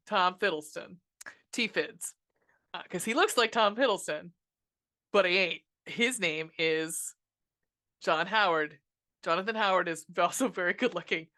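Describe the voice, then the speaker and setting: Woman on a podcast going off about a bad movie, swears constantly, bright sharp voice, sarcastic. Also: mid-range voice. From United States. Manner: ranting, sarcastic, swears a lot, frequent laughs and filler. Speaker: podcast host reviewing a film. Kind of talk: casual movie review monologue.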